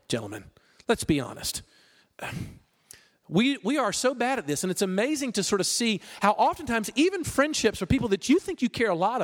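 A man preaching a sermon as pastor, conversational and animated, with jokes. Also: very high voice, long reverb tail.

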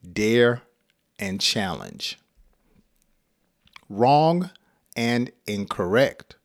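Slow-speaking American man teaching English. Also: fairly low pitch, big pitch swings. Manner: slow, deliberate and clearly spoken, with light chuckles. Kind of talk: scripted English lesson.

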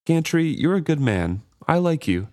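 This is a lonely living ship, a woman who is solemn and uneasy, read aloud by a man. she speaks earnestly and pleads quietly, her voice lifted a little above his usual low tone. the sound is close and dry. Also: sing-song, moderate pace, dry recording. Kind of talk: reading a novel aloud.

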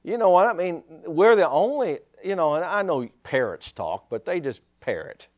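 Animated preacher man, pitch swinging widely. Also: normal speed. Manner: animated, rhetorical questions, chuckling asides. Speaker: pastor. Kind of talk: sermon.

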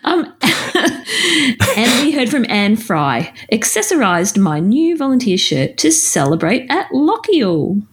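A woman co-hosts a chatty podcast and reads listener messages aloud. Her voice moves through a wide, expressive pitch range, and she slips in playful little teases. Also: slow. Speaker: podcast co-host. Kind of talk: casual chat, reading listener messages.

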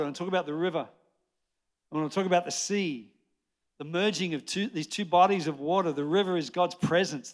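An Australian man in his sixties preaching a lively sermon to a church congregation, chatty and jokey, rambling with restarts. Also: on the high side. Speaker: pastor. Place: church service before a congregation.

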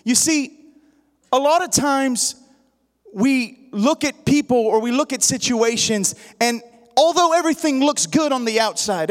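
A long reverb tail trails the very high-pitched voice of a man preaching in a church sanctuary. He prays and tells a story, sometimes lifting into a sing-song cadence.

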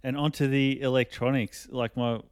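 Aussie guy yarning on a podcast, swears a lot, smooth clear voice, dry close sound. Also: mid-range voice, flat delivery, moderate pace, dry recording. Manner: rambling storyteller, swears freely, laughs mid-sentence. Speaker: podcast co-host. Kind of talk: casual chat.

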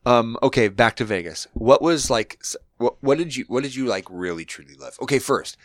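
A man hosting a casual podcast chat at an ordinary pitch. He is playful and his talk jumps from one topic to the next. The recording is dry and close. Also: animated, brisk, no echo. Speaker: podcast host.

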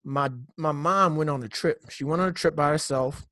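A young man from Nigeria tells his personal testimony in a loose, animated, slang-heavy way, often repeating himself mid-thought. His voice sits a bit high for a man, and the recording is dry and close. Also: moderate pace, no echo. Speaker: guest. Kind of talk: personal testimony in casual conversation.

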